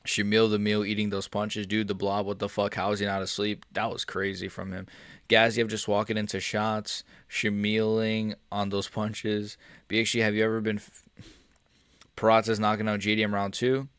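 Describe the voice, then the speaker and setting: Young male streamer, low voice, dry close sound, excitable live reactions with swearing. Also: moderate pace, smooth, no room sound. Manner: excitable, swings from mumbling to yelling, swears and laughs often.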